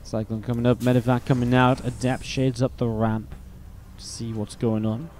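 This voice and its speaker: Caster: English man, mid-pitched, live play-by-play with casual banter and a faint hum behind him. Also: flat delivery, moderate pace, a little mellow. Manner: chatty, casual asides between play calls. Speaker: esports caster. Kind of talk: live play-by-play game commentary.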